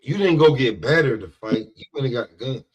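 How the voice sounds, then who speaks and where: A man's voice: medium pitch, animated, a little fast, breathy edge, highs cut off. A man co-hosting a sports talk podcast, ranting in a loose, profane way and leaning on "bro". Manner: profane, rambling, heavy on "bro". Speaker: podcast co-host. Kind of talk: casual trash-talk chat.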